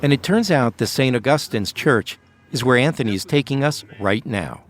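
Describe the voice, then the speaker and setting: Male podcast host reading documentary narration, animated melodic delivery. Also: medium pitch, noisy background. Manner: measured, storytelling.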